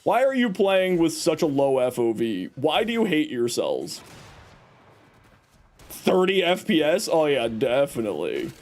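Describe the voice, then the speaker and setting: Animated, high-voiced man streamer. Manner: chatty, greets viewers, teasing. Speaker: livestream host reading chat. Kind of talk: casual livestream chat.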